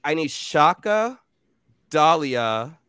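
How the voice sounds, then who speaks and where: Smooth-voiced man running a tabletop game. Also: on the high side, big pitch swings, very slow, pushed and bright, no room sound, clean studio sound. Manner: loose, rambling narration with fillers. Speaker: game master.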